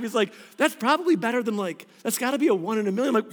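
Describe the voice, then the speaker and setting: Animated high-voiced man preaching in a hall. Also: fast, gravelly, few pauses. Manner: animated, voice jumps high when excited. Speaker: pastor. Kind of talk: sermon with storytelling. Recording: reverberant hall.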